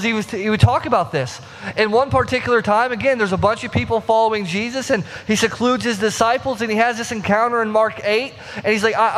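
A young man preaches in a loose, conversational way, slipping into the voices of the people in his stories. His voice sits a bit high for a man. A long reverb trails behind him, as in a church sanctuary. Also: fairly bright tone. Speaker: pastor. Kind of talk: sermon.

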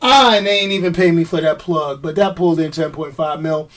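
A middle-aged woman hosting a movie show, ranting in animated, slangy film commentary and stretching words for emphasis. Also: sits low, brisk, distant mic.

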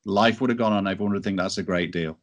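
A man's voice: deep voice, quick pace, lo-fi sound. A man telling a business story as an interview guest, in a chatty way with many restarts. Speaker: entrepreneur guest.

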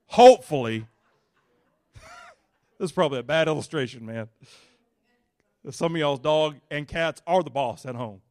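A male pastor preaching a sermon in a folksy, casual, animated way. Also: a little high, moderate pace, pauses often, dry recording.

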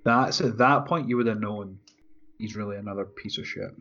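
With a fairly low pitch and a fairly quick delivery, a man talks casually over a movie on a podcast, laughing and swearing often as he retells scenes. His manner is profane and animated, and the audio is dull lo-fi with faint music.

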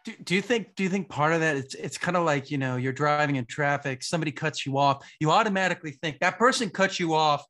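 A man's voice: a little high, fast talker, few pauses, sharp tone. Man hosting a casual podcast. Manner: laughs often, short affirmations. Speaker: podcast host. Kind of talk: casual interview chat.

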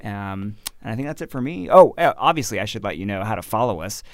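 A male podcast host with a smooth, resonant voice, talking in an upbeat, chatty way. The sound is close and dry, with no room around it. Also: fairly low pitch, big pitch swings, fast talker, no room sound. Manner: upbeat, chatty, signs off the show. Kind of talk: casual podcast chat.

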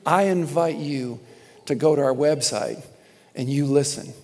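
A young adult man preaching a sermon as pastor, telling a story with laughs and lively exclamations. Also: on the high side, measured pace. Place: church sanctuary. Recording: long reverb of a large hall.

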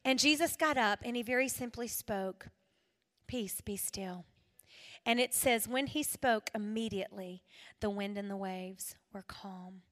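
A middle-aged woman giving a devotional talk to women, telling a story dramatically with shouted peaks and laughter. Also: fairly high pitch, fairly even intonation, normal speed. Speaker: women's ministry speaker. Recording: long hall reverb.

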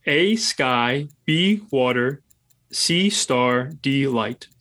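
A man running a casual podcast quiz, reading out multiple-choice questions with pauses and ums. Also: medium pitch, animated, a bit bright. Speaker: quiz host running the game.

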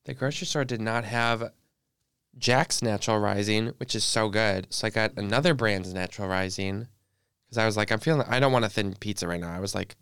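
A man's voice: lowish voice, a little fast, a bit bright, smooth, dry recording, studio quality. A young man co-hosting a podcast, telling rambling, self-mocking stories in a casual chat. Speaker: podcast co-host.

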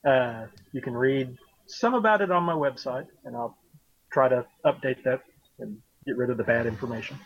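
A man with a mild Southern US accent, an author talking casually in an interview in a relaxed, rambling way. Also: medium pitch, moderate pace. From American South. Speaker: author guest. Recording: dull lo-fi remote audio.

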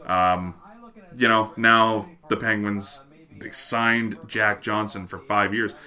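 A man co-hosts a loose sports chat show, with a very bright, edgy tone in a fairly low voice. He swears casually and rattles off trade news between jokes. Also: level tone. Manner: profane, offhand, reads news items quickly. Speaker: podcast co-host.

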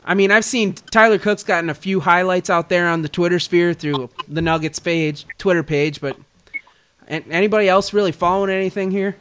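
A man's voice: high-pitched, steady tone, a little fast, fairly bright tone, clear, resonant tone. A young man co-hosting a casual sports podcast, ranting as an exasperated fan. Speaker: podcast co-host.

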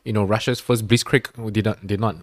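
A man from Singapore co-hosting a comedy podcast, giving his opinions in relaxed chat and laughing often. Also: fairly low pitch, fairly quick, no echo, clean studio sound. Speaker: podcast co-host. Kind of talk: casual chat.

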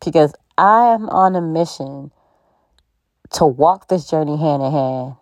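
A woman's voice: sits low, expressive, a little slow, a little mellow, dry recording. A woman hosting a podcast, giving an encouraging faith-based pep talk in a conversational, preachy way with frequent laughs. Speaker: podcast host.

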